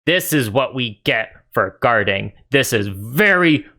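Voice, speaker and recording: A man voicing a dim-witted male ogre guard who speaks in slow, broken sentences. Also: mid-range voice, lively intonation, sharp tone. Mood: simple. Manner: broken grammar, slow and simple.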